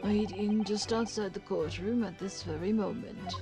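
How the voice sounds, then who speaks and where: A woman voicing a composed, polite young woman who speaks with calm assurance in a game. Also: mid-range voice, normal speed, over music, natural voice. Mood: assured.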